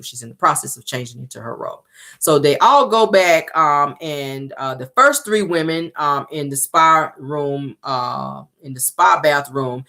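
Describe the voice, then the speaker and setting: Low-voiced chatty woman recapping. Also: a bit bright. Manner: chatty, drops into playful impressions of cast members. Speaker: reality TV recap host. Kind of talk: casual recap chat.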